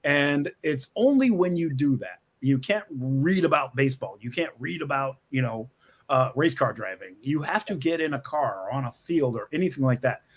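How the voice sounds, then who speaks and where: A man's voice: mid-range voice, animated, normal speed. A middle-aged man, a screenwriter guest, chatting casually and rambling with many restarts and small laughs. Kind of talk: casual interview talk.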